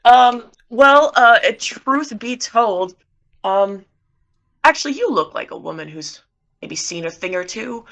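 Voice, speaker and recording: A woman's voice: deep voice, measured pace, fairly bright tone. A woman voicing a nervous bookish young investigator who stammers and hesitates. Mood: flustered. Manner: hesitant, stammering, full of ums.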